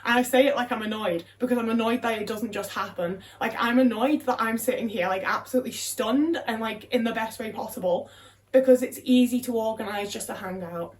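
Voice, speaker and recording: A young woman vlogger with a slightly high voice talks fairly quickly while packing boxes in a room at home, body-doubling with her viewers. She rambles, swears, sounds anxious, and keeps trailing off and restarting, picked up by a distant mic with faint noise.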